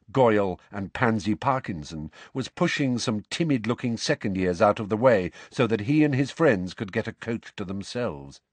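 A man reading a storybook aloud as narrator, measured and expressive. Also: lowish voice, no echo. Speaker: audiobook narrator.

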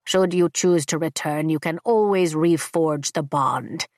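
A woman reading the part of a stern, commanding old male dragon in a storybook, her voice lowered and measured. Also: darkish tone, dry recording, studio quality. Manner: measured, authoritative.

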